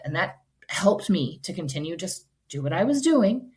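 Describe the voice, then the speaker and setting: A woman in her forties talks to the listener in an earnest, reassuring way, sounding like a mom who has been through it. Her voice sits slightly low for a woman. She chats casually, with fillers like "you know" and "like". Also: big pitch swings, moderate pace, a little mellow. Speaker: homeschool podcast host. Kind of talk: casual advice talk.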